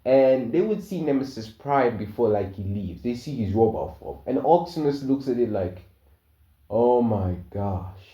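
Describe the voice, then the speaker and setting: Young male storyteller, casual and rambling, dark voice, roomy lo-fi recording. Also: medium pitch, animated, normal speed, few pauses. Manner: rambling, hesitant, with many fillers and chuckles. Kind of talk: casual fan story narration. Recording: dull, roomy home recording.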